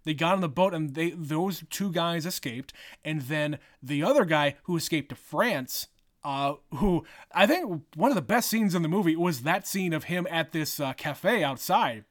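A man's voice: a little high, animated, normal speed. A man co-hosting a movie podcast in casual chat, talking in long run-on recaps with many fillers and casual swearing. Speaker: podcast co-host.

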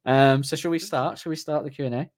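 A man's voice: on the high side, fairly even intonation, fast talker, darkish tone. A man co-hosting a podcast in casual chat, rambling and correcting himself, laughing at his own jokes. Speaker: podcast co-host.

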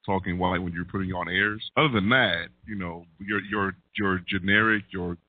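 A man on a casual panel, explaining his view at length in a measured way. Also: low voice, fairly even intonation, dry recording. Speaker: regular panelist. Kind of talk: casual group chat. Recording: tinny phone-like line, dry.

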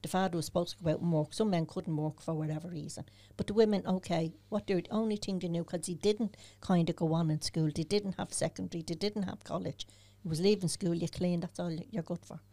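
A woman's voice: on the low side, steady tone, a little fast, dark tone. An older Dublin woman, a podcast guest, speaking frankly and telling her stories with animation. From Ireland. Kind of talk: casual podcast conversation.

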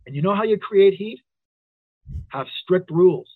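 A middle-aged wrestling referee telling stories in a casual interview, animated when he quotes others. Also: high voice, moderate pace, breathy edge, no room sound. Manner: storytelling, animated quoting. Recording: tinny phone-like line.

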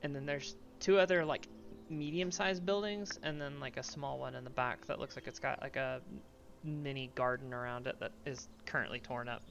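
A man's voice: medium pitch, fairly even intonation, moderate pace, gravelly, a bit bright, dull audio, slight background noise. A man running a tabletop game as game master, narrating loosely with many fillers.

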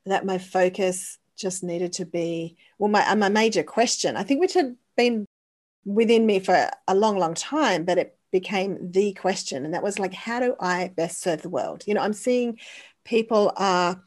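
A woman hosting a relaxed interview, chatty, laughing often and talking with lots of fillers. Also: medium pitch, unhurried. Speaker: interview host. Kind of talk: casual video-call conversation.

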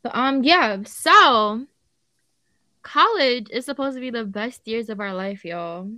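A young woman hosts a casual chat podcast. Her voice is bright, sharp and slightly high. She talks animatedly, with emphatic slangy asides, close on a dry mic. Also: animated, takes it slowly, no room sound. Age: young adult. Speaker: podcast co-host.

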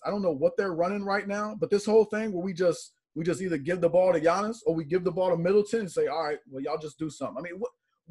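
A man co-hosting a sports podcast, breaking down a basketball game in emphatic, animated chat. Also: sits high, husky. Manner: animated, emphatic, repeats words for stress.

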